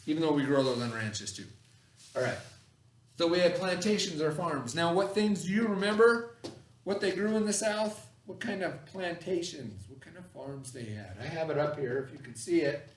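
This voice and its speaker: A man's voice: a little high, moderate pace, slight background noise. A male teacher giving a lesson to children in a classroom, patient and often checking in with "okay?" and "right?". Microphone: camera across the room. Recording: echoey classroom, from far off.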